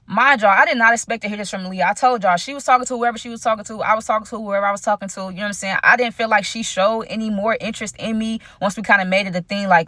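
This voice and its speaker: A woman's voice: mid-range voice, a bit bright, no room sound, studio quality. A young woman telling a story to her viewers in casual, slangy talk, often calling on them directly. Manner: rapid, slangy, talks straight to viewers as y'all. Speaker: storyteller vlogger.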